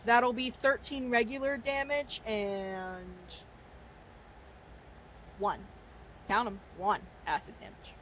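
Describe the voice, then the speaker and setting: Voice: medium pitch, fairly even intonation, takes it slowly, pauses often, a bit bright, slight background noise, rough recording. Tabletop player, casual, playful, swears, laughs. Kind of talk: casual tabletop game play.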